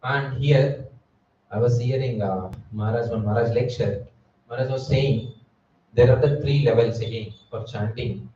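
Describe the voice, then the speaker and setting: A man's voice: medium pitch, moderate pace, mellow, a little hiss or hum. A man giving a Sunday sermon at a temple, asking his listeners rhetorical questions. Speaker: preacher. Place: temple hall. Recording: echoey hall, distant mic, dull sound.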